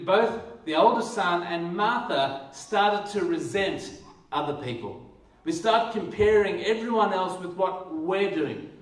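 A man preaching a sermon as pastor, talking earnestly and often repeating words as he starts a phrase. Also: high voice. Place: church hall. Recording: echoey hall, voice from far off.

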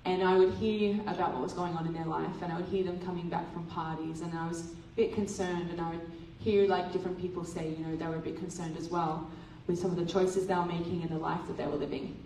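Woman, church testimony, lively storyteller, roomy hall, faint background noise. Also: fairly low pitch, fast talker, hardly any pauses. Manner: lively storyteller acting out dialogue. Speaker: church speaker. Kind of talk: testimony sermon. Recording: roomy hall from a distant mic.

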